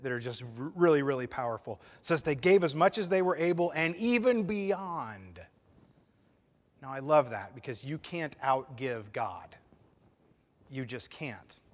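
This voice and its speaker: Animated man preaching in a reverberant hall. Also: a little high. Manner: animated, emphatic, rising to loud peaks then dropping quiet. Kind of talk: sermon. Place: church sanctuary.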